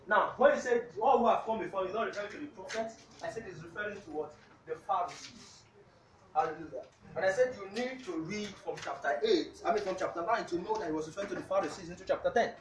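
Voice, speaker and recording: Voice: mid-range voice, brisk, fairly bright tone. A preacher delivering a sermon, reading scripture aloud and punctuating almost every point with hallelujah while quizzing the congregation. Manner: asks the congregation questions. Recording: echoey room, voice from a distance.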